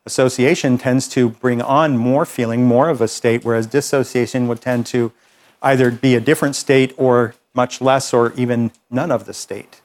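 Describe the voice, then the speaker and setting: Man teaching a workshop, medium pitch. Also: steady tone, moderate pace. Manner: conversational, checks in with listeners with "okay?". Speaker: workshop trainer. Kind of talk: classroom teaching with anecdotes.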